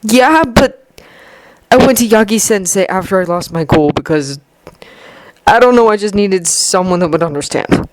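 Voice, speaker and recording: A woman voicing a reserved, guarded teenage boy who talks quietly and hesitantly, in a muttering way. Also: mid-range voice, expressive, normal speed, pauses often, no echo, natural voice, rough recording. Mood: subdued.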